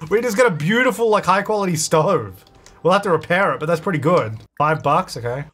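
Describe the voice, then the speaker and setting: A young man casually commenting on his gameplay, chatty and excitable, often talking to the characters on screen. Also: fairly high pitch, brisk. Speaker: gaming YouTuber. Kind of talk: casual let's-play commentary.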